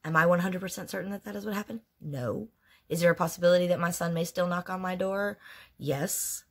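A woman's voice: on the low side, fairly even intonation, a little fast. A woman in her forties telling a painful personal story in a candid vlog, blunt and emotionally raw, with frequent swearing.

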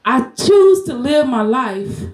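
Fervent high-voiced woman preaching. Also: sing-song, slow pace, darkish tone. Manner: fervent, breaks into song, laughs while preaching. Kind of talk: Mother's Day sermon. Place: home church room. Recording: echoey room.

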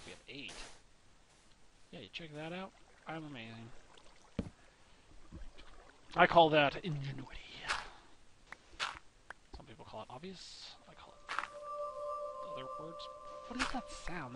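Young male gamer, slightly high voice, jokey and meandering, noisy home recording. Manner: rambling, goofy, talks to himself and the viewers. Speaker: let's play gamer. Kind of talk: casual gameplay commentary.

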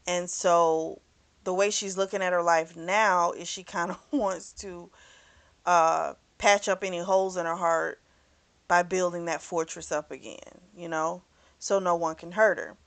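A woman's voice: fairly low pitch, steady tone, unhurried, a bit bright. Chatty woman recapping a novel. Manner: chatty storytelling, acting out the characters' lines with "she's like"; swears freely. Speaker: book club host. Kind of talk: casual plot recap of a novel.

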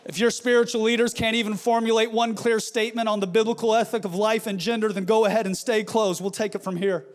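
High-pitched, fiery male pastor. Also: flat delivery, fast, hardly any pauses. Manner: forceful preaching, shouted emphatic refrains. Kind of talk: fiery sermon.

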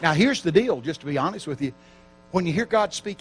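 A man preaching a storytelling sermon at a camp meeting, folksy and dramatic with sudden loud outbursts. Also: fairly high pitch, expressive, fairly quick, low-quality recording.

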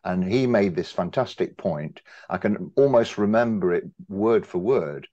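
A very deep-voiced older man makes his point from the audience, animated and emphatic as he builds up to a long question. The audio is dull and muffled, with a lo-fi feel. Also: normal speed, hardly any pauses. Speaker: audience member asking a question. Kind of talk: discussion after a talk.

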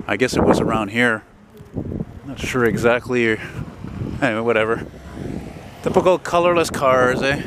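A man, chatting casually as he walks outdoors along a city street, rambling and swearing now and then. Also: medium pitch. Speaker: vlogger. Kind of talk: casual walking commentary. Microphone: handheld camera while walking. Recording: noisy outdoor street recording. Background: passing traffic.

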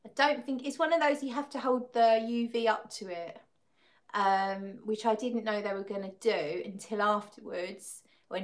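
A woman's voice: medium pitch, steady tone, moderate pace. A woman chats casually on a livestream, laughing often and reading viewers' comments aloud. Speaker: fragrance livestream host.

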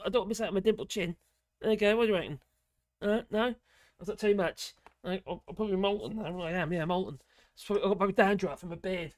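A man's voice: sits high, fairly bright tone, dry recording, clean studio sound. A middle-aged man with a giggly, self-mocking manner, chatting casually as host of a live stream. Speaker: livestream host.

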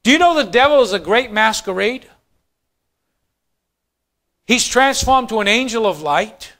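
A man preaching a sermon as pastor, swinging from quiet, low lines to fast, loud bursts. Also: animated.

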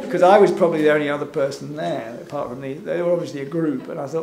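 A man's voice: a little high, a little fast, gravelly, hardly any pauses, a little mellow. A man giving an informal public talk over slides, hesitant and full of fillers, with a wry, chuckling manner. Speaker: invited speaker. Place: gallery event room. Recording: echoey room with faint background hum.

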